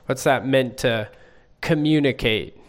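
A man leading a group Bible study, asking the class questions in a measured way. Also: medium pitch.

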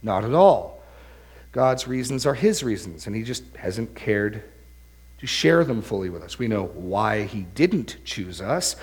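A man's voice: medium pitch, a little mellow. Emphatic male preacher. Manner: earnest, emphatic, repeats words. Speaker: pastor. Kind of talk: sermon.

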